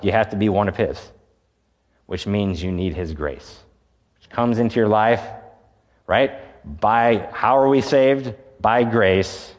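A man preaching a sermon in a relaxed, conversational way, asking rhetorical questions and answering them himself. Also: mid-range voice, big-room sound. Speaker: pastor.

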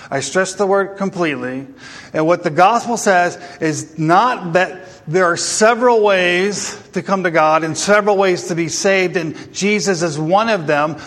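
Guy preaching a sermon, high voice, lots of asking the crowd questions, big echoey church sound. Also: fairly bright tone. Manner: emphatic, with rhetorical questions to the congregation. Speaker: pastor. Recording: long hall reverb.

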